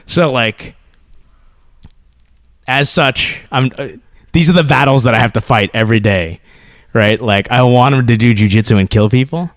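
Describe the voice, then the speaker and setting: A man in his thirties co-hosting a podcast, telling animated stories, swearing freely and acting out quotes. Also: medium pitch, normal speed, long pauses, no echo, studio quality. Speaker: podcast co-host. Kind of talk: casual chat.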